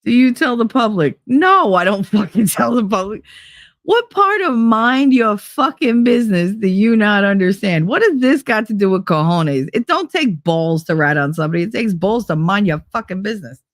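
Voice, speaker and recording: A woman's voice: medium pitch, sing-song, normal speed, no room sound. A young adult woman streamer chatting casually while reading quiz questions aloud, blunt, joking and full of profanity. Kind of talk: casual chat reading online quizzes aloud.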